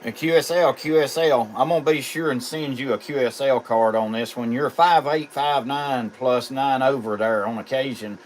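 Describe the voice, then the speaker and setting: A middle-aged man with a Southern drawl chats easily over his ham radio. He talks in a relaxed, chatty way, and a faint hiss of noise sits under his voice. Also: medium pitch, moderate pace, hardly any pauses. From South Carolina. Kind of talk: casual radio chat.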